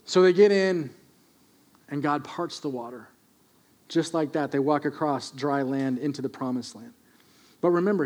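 High-voiced male preacher telling stories. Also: moderate pace, long pauses. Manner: animated, humorous storytelling. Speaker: pastor. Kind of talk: storytelling sermon.

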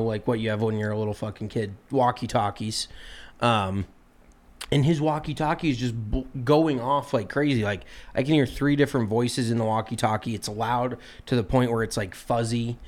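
A man co-hosting a podcast, telling a story in a casual, animated and profane way, sounding exasperated. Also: mid-range voice. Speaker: podcast co-host.

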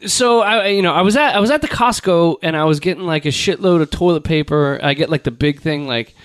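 A man's voice: on the high side, a little fast, smooth, dry recording, studio quality. A man telling a long rambling story in casual chat, with crude jokey humor.

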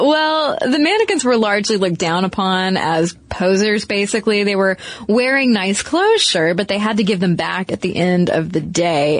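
A woman co-hosting a podcast, talking conversationally with wry, playful emphasis. Her voice is mid-pitched and the recording is dry and close, with no room sound. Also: no room sound. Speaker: podcast co-host. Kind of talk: casual chat.

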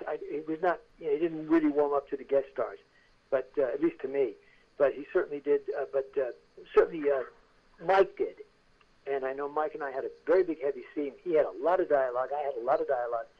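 Older man telling lively showbiz stories. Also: a little high, narrow, tinny audio. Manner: animated anecdotes, acts out quoted voices. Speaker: guest, actor. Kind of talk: casual storytelling interview.

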